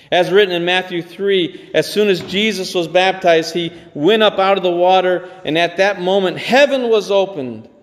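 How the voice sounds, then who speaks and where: A man delivers a sermon with earnest, halting sincerity, doubling back on words and letting out short chuckles. His voice sits a bit high for a man. The sound rings with the long reverb of a large church hall. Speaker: pastor.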